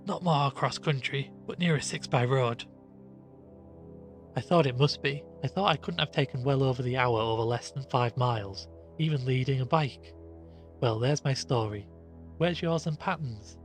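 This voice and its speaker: A man voicing a shaken young gentleman who recounts his ordeal in a rueful, animated way. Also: mid-range voice, moderate pace, soft background music, lightly acted.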